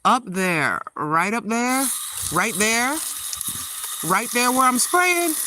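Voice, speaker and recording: A woman's voice: fairly high pitch, very animated, slow pace, noisy background. An older woman chatting casually to viewers while watering her garden outdoors, filming on a handheld phone. She sounds tired and refers to herself as Granny. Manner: chatty, self-talking, calls herself Granny. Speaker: vlogger. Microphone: handheld phone camera.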